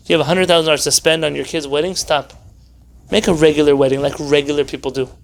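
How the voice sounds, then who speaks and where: A rabbi leads an informal Torah class in a high, bright voice. He keeps tossing rhetorical questions at his listeners and slips in dry, sarcastic humor. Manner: animated, full of rhetorical questions.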